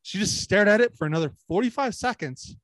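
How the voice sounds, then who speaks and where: A man's voice: high voice, animated, brisk, a bit bright, dry recording. A man with a slightly raised voice rambles through crude stories on a casual podcast, swearing freely. He slips into the voices of people he quotes. The sound is dry and close. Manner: profane, rambling, mimics people in quoted asides. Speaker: podcast co-host.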